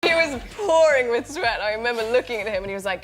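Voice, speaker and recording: A woman's voice: on the high side, fast talker, hardly any pauses, music in the background. A woman telling anecdotes as a talk show guest, acting out the people in her stories. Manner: animated storyteller acting out characters.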